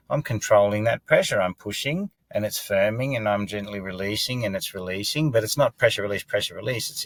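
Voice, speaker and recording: A man's voice: lowish voice, no echo. A middle-aged man explaining horse training, earnest and emphatic, often restarting words and checking in with "okay?". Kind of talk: spoken training advice.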